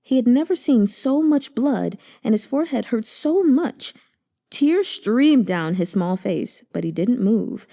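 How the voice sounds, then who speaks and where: Brief: woman audiobook reader, mellow tone, very lively pitch, emotive. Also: unhurried, creaky. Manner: expressive, emotive reading. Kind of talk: expressive novel narration.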